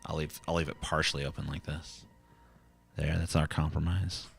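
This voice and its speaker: Deep gravelly foul-mouthed man. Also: level tone, normal speed, soft background music. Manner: brash, foul-mouthed, mocking. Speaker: livestream host. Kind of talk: casual profane ranting to chat. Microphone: handheld microphone, close.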